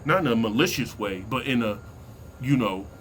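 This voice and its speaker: A man vlogging a heated sports opinion rant from inside a vehicle, slangy and worked up, repeating himself and sinking into low mutters. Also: expressive, moderate pace, a bit bright, slight background noise.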